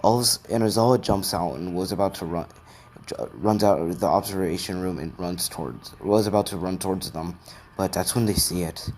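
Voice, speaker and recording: Low voiced guy making up a fan story as he goes, lots of restarts, bit of noise behind. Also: a little fast, a little mellow. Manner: rambling, with restarts. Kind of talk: improvised fan story narration.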